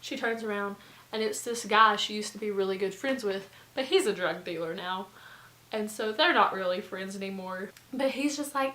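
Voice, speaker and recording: A young woman, telling a storytime vlog in a chatty, animated way full of fillers. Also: mid-range voice, normal speed, echoey room, low-quality recording. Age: young adult. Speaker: vlogger.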